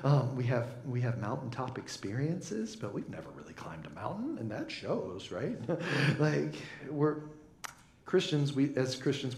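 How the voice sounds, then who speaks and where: A man's voice: medium pitch, a little slow, creaky, roomy sound. A man preaching a humorous sermon in a church, joking and mimicking voices as he talks. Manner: jokey, animated, mimics voices, frequent laughs. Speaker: pastor.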